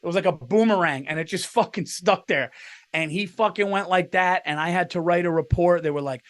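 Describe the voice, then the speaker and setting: A man's voice: sits high, fairly quick, fairly bright tone, no echo, studio quality. Laughing, cursing storyteller man. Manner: swearing storyteller, laughs through his stories. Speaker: podcast co-host. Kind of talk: casual chat.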